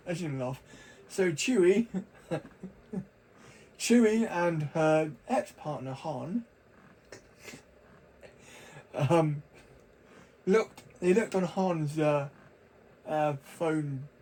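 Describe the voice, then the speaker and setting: A young vlogger with a fairly high, darkish, slightly rough voice talks casually to camera, rambling and chatty, restarting often. The recording is low quality.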